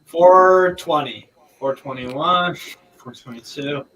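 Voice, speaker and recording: A man streaming live football commentary, chatting casually with a friend between excited play-by-play calls. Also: fairly high pitch, slow pace, poor audio.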